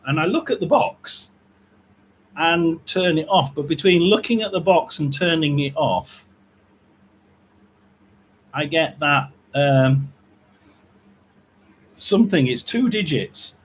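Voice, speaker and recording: A man's voice: fairly high pitch, expressive, unhurried, long pauses, low-quality recording. Chatty man hosting a livestream. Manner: rambling, chatty, reads out viewer names. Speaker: psychic livestream host. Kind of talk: casual livestream chat.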